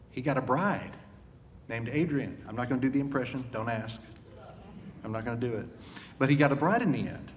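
Man preaching a sermon in a reverberant hall. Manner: recites a poem slowly, then preaches conversationally with asides. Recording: reverberant hall with faint rumble.

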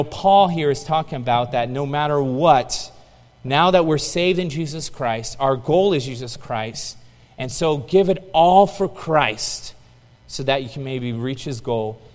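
A man preaching a sermon to a congregation, telling stories with rising excitement and then dropping to a soft, quiet emphasis. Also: medium pitch, long reverb tail.

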